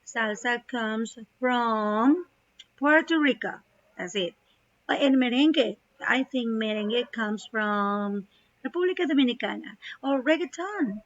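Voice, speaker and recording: A woman teacher talks through an English reading at a very slow, careful pace. Her voice sits a little high. The recording is dull and lo-fi. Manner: slow, explanatory, glosses words in Spanish. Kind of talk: classroom lesson, explaining a reading.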